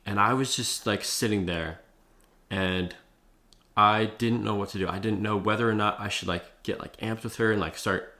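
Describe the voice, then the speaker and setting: A young man talks straight to camera, giving advice in a loose, profane vlog style. He leans on "like" and "bro" as he talks. His voice sits a little low. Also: steady tone, moderate pace, sharp tone. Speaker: vlogger. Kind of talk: casual talking-head advice.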